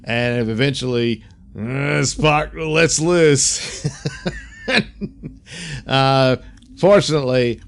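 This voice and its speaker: Male host, relaxed recap talk, filler-heavy, giggly, average pitch. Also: vocal fry. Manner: chatty, laughs often, many fillers, quick voice impressions. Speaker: reviewer, host. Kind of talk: casual episode review.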